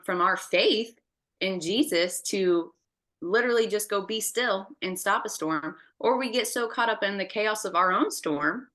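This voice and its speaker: Bright-voiced woman podcast co-host. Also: mid-range voice. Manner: animated storyteller, acts out voices in retelling. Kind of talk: faith podcast conversation.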